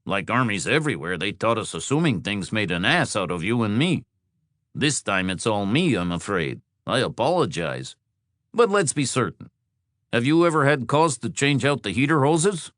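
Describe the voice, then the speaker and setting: A man voicing a friendly, energetic male mechanic who talks with light, helpful concern. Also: fairly low pitch, unhurried, hardly any pauses, no room sound, clean studio sound.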